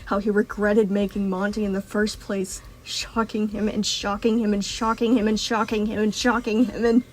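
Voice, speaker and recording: A woman's voice: mid-range voice, flat delivery, moderate pace, hardly any pauses, low-quality recording. A woman reading a fan fiction story aloud in an intense, dramatic storytelling manner. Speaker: reader, narrator. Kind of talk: fan fiction audiobook narration.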